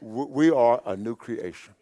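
A man preaching a sermon, repeating key phrases emphatically, rising loud on scripture quotes and dropping soft at the ends of phrases. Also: medium pitch, measured pace.

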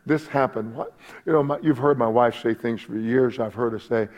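A middle-aged male pastor preaching a sermon, growing excitable and building to loud, emphatic preaching with frequent repetitions. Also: mid-range voice, moderate pace, muffled recording.

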